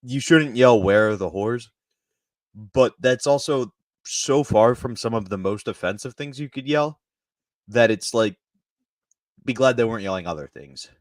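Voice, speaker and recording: A man's voice: mid-range voice, a little slow, long pauses, no room sound, studio quality. A man co-hosting a comedy talk show, laid-back and joking as he shares his takes. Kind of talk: casual comedic chat.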